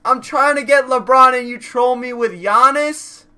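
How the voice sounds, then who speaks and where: A young man streaming a pack opening in a casual chat style, begging and groaning and then shouting at the results. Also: very high voice, unhurried, clear, resonant tone, soft background music. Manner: pleading and excitable, swings from chanting to shouting to muttering.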